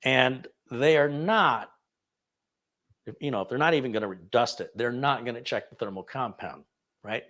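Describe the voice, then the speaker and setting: A man's voice: mid-range voice, moderate pace, a bit bright. Chatty man answering tech questions. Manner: chatty and digressive, self-amused. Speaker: tech channel host answering viewer questions. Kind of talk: casual live Q&A.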